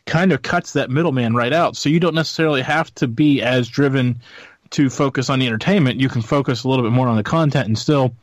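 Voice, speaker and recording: A man's voice: mid-range voice, quick pace, no room sound. A man speaking as a guest on a radio roundtable, thoughtful and hesitant, often restarting his sentences. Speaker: fellow radio host, panel guest. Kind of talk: roundtable discussion.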